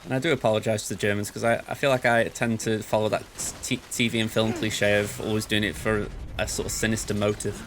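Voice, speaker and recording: A man's voice: fairly low pitch, flat delivery, fast talker, few pauses, background noise. A man hosting a let's play, giving chatty gameplay commentary and thinking aloud in a playful way. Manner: playful, self-described goofball.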